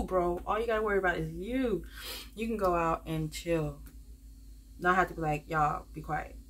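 Woman vlogger, low voice, loose rambling delivery full of fillers, chatting straight to her viewers. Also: slight background noise. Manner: rambling, many fillers, calls viewers "y'all". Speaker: budgeting vlogger. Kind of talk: casual chatty vlog to viewers.

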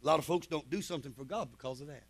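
A man's voice: fairly high pitch, very fast. A man with a Southern US accent preaching a sermon as pastor, telling stories and punctuating with amens. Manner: preaching with frequent amens, storytelling.

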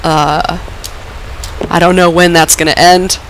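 A woman commenting on her gameplay, her voice lowered and rough from being sick with a dry cough; excitable, swearing and laughing at herself. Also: slow pace, background noise. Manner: excitable, swears and laughs often, self-mocking. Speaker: let's play gamer.

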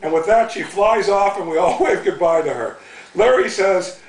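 A man's voice: high-pitched, normal speed. Laughing man reading his book aloud. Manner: amused, breaking into laughter while reading. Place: bookstore in front of a live audience. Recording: roomy, from a distance.

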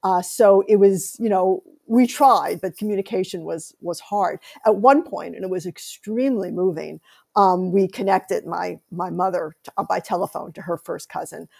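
Middle-aged woman, interview guest, animated storyteller, gravelly texture. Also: fairly low pitch, moderate pace. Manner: animated storytelling, laughs often. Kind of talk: conversational interview.

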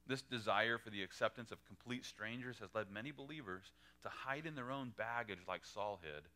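Male pastor, bright forceful voice, animated sermon delivery, quoted lines acted out. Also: normal speed. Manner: animated, acts out quoted lines with pitch jumps. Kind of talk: verse-by-verse sermon.

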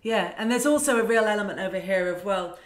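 A woman's voice: medium pitch, quick pace. Reflective British woman in a roomy space. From United Kingdom. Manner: thoughtful, self-deprecating. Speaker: guest, sports presenter. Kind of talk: casual interview chat. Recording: roomy echo.

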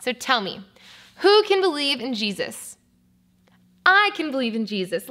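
A woman teaching a preschool Bible lesson, speaking to little children in an animated, sing-song way. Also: sits high, a little slow, long pauses.

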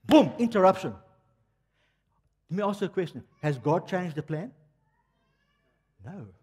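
A man's voice: sits high, expressive, a little slow, a little mellow, slightly rough. An older man preaching a sermon, talking straight to the congregation and firing off rhetorical questions. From South Africa. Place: church hall. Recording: long reverb of a church hall.

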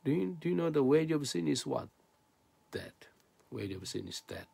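A man's voice: fairly high pitch, very animated, normal speed, vocal fry, warm tone, slightly rough, dry recording. A man preaching a sermon in non-native English, reading scripture and then explaining it with rhetorical questions.

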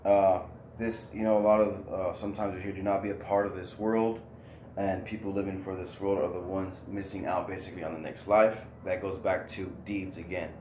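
Earnest low-voiced man in echoey room. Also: level tone, fairly quick, a little mellow, a little hiss or hum. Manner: rambling, earnest, many restarts and "okay?". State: emotional, near tears. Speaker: online religious talk host. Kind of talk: informal scripture talk.

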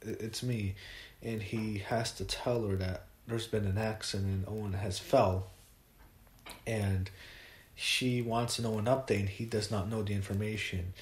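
A man giving a casual spoken review, retelling events haltingly with many fillers and restarts. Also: fairly low pitch, fairly even intonation, echoey room.

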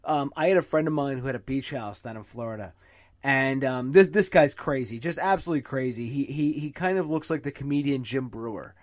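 A man's voice: medium pitch, a little fast, dry recording, clean studio sound. A man hosting a podcast, chatting casually, stammering and laughing as he tells stories. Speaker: podcast host. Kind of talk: casual interview chat.

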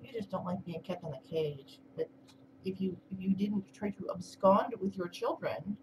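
A woman's voice: mid-range voice, normal speed. A woman sitting kittens indoors, talking to them in cooing baby talk. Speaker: kitten sitter. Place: indoor room with caged kittens. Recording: distant mic with noisy room.

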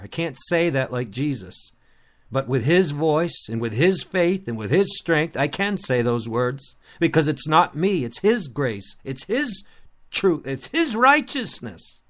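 A man's voice: a little high, animated, measured pace. A man preaching a sermon in an earnest, repetitive style, restarting phrases as he presses his point.

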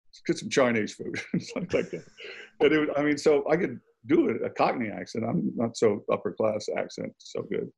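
A man's voice: mid-range voice, lively intonation, fairly quick, gravelly, a little mellow, husky, poor audio. An older American man, a guest author, chatting casually in an interview and telling anecdotes with easy laughs. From United States. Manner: laughs easily, anecdotal storytelling.

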